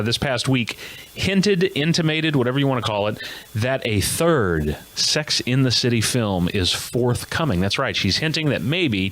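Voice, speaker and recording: A man's voice: medium pitch, fairly bright tone. Man delivering a rambling comic news monologue. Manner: jokey, self-mocking, rambling asides. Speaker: comedy show host.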